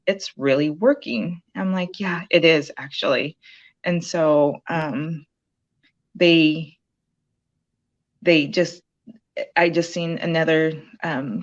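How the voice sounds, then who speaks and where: Low-voiced woman telling her story. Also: lo-fi sound. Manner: rambling, many fillers and restarts. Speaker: program graduate sharing her story. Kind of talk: casual interview testimonial.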